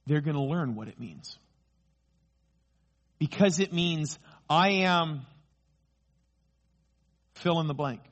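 A man preaching a sermon, emphatic, slowing down on key phrases and rising when excited. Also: a little high, muffled recording. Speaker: pastor.

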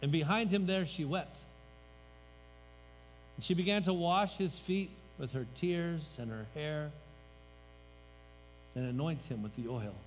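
A man's voice: a little high, a little slow, pauses often, slight background noise. A man pastor preaching a sermon in a church sanctuary, conversational and emphatic, letting his voice drop at the ends of phrases. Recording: reverberant hall, faint music.

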